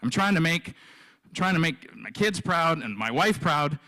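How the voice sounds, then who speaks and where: A man in his fifties telling his own story at a live event, his voice bright and forceful. He stops and restarts, repeating his words as the emotion builds. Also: fairly high pitch, expressive, rough recording. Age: 50s. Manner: halting, repeats himself, emotional. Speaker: guest speaker sharing his story.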